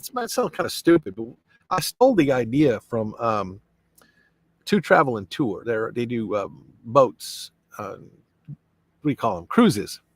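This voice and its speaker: A man with a mid-range voice hosts a casual live stream, rambling in a friendly way while reading viewer comments aloud and answering them, with many fillers and restarts. The recording is dry.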